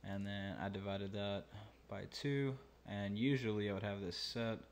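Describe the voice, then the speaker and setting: With little pitch movement and a moderate pace, a low-voiced man hosts a relaxed mixing tutorial, musing aloud through frequent fillers. He is a mixing engineer running his own channel, and faint background noise is audible.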